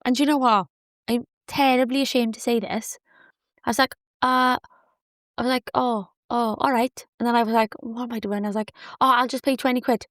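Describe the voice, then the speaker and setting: A woman's voice: fairly high pitch, fairly even intonation, brisk, no echo. Woman, podcast host, chatty storytelling, self-deprecating, dry close sound. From Wales.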